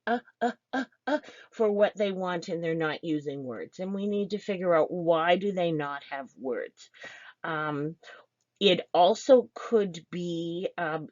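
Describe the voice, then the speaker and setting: Slow, low-voiced woman explaining. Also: no echo. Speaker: program instructor. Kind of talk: information session presentation. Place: online presentation. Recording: dull lo-fi audio.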